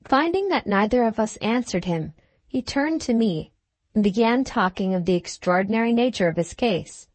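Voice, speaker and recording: A woman narrates a classic novel in a measured, even storytelling way. Her voice sits at an ordinary pitch for a woman. The recording is dry and close, with no room around it. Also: no echo. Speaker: audiobook narrator. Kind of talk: scripted audiobook narration.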